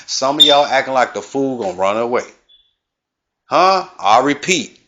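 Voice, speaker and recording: Male comedy host, emphatic and repetitive lecturing, mid pitch, muffled lo-fi audio. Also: big pitch swings, moderate pace, pushed and bright. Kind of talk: comedic rant to camera. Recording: dull lo-fi sound.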